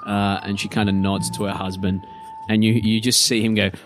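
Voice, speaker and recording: A man's voice: fairly low pitch, level tone, normal speed, faint music behind. A man narrating a tabletop role-playing game as game master, loose and laughing. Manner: loose, laughing narration with rough in-character voices.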